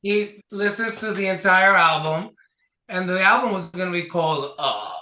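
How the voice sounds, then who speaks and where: An older man, a singer, chatting in an interview and telling animated stories from his career. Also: sits high, moderate pace. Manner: animated storyteller, acts out quotes. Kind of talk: casual interview conversation. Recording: echoey dull lo-fi sound.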